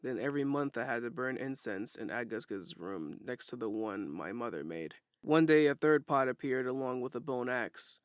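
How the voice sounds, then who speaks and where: A man narrating a first-person audiobook in a steady, plain storytelling way. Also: medium pitch, moderate pace, few pauses, clear, resonant tone, dry recording, studio quality.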